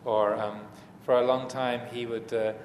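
A man teaching as a Buddhist monk in a dharma talk, speaking hesitantly with many fillers and restarts and gentle humor. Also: medium pitch, little pitch movement, a little slow. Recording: echoey hall, faint room noise.

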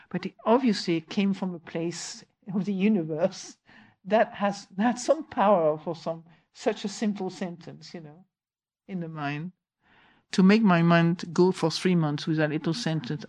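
A woman teacher giving an informal dharma talk, telling a lively story, laughing often and mimicking her own inner voice. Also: on the low side, unhurried. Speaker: meditation teacher.

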